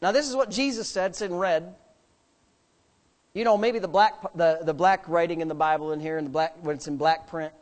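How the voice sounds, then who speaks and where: A man preaching a sermon as pastor, emphatic and full of rhetorical questions, swinging from quiet asides to shouting. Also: fairly high pitch, normal speed.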